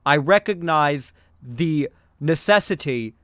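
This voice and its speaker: A man doing an impression of an older male politician, declaiming loudly and hammering each point. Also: fairly high pitch, expressive, slow, no room sound, studio quality. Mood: emphatic.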